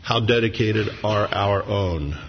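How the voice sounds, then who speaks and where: Speaking slowly in a lowish voice, a man delivers a sermon as pastor, starting with humorous family anecdotes and then turning earnest and reflective. The dull lo-fi recording comes from an echoing hall, with slight background noise.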